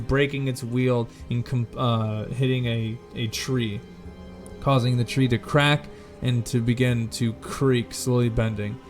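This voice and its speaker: A man narrating a tabletop game as game master, painting each scene slowly with fillers and self-corrections. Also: medium pitch.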